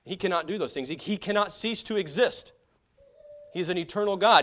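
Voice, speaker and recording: A man preaching a conversational sermon as pastor, restarting phrases and swinging between loud emphatic points and quiet asides. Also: high-pitched, animated, brisk, lo-fi sound.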